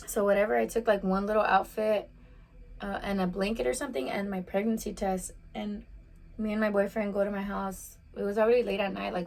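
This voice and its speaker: A woman in her twenties telling a personal story on a casual vlog while eating, talking fast with lots of "like" fillers. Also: mid-range voice. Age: 20s. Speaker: vlogger.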